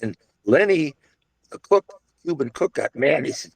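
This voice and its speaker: A man's voice: fairly high pitch, animated, normal speed, vocal fry, husky, no room sound. An older man reminiscing casually about his restaurant days, a rambling storyteller full of restarts and asides. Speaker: interviewee recalling restaurant days.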